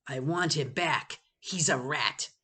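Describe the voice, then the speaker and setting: A woman's voice: deep voice, slow, pushed and bright, breathy edge, full character voice. A woman doing Sebastian, a scornful bossy boy. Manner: disgusted and commanding. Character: scornful, bossy boy who gives orders.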